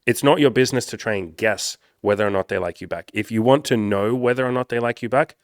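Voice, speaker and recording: Candid swearing man with a low voice. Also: quick pace, dry recording, clean studio sound. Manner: candid, swears freely, rambling. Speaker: dating coach. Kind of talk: casual storytelling monologue.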